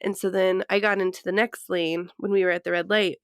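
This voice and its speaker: A woman in her thirties from Colorado chats on a podcast, frank and profane, laughing now and then as she talks. Her voice sits at a middle pitch and sounds close and dry. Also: level tone, fairly quick, smooth, dry recording. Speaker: podcast co-host. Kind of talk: casual chat.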